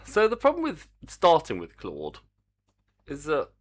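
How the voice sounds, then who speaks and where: A man's voice: fairly high pitch, wildly swooping pitch, unhurried. A man streaming his game development, chatting casually and muttering in exasperation, humming to himself as he works. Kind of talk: casual live-stream chat while coding.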